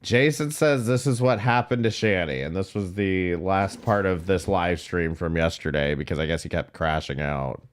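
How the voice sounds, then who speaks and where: A man's voice: sits low, moderate pace, hardly any pauses, clear, resonant tone. A man hosting reaction commentary on stream clips, blunt, profane and exasperated. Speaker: commentary host.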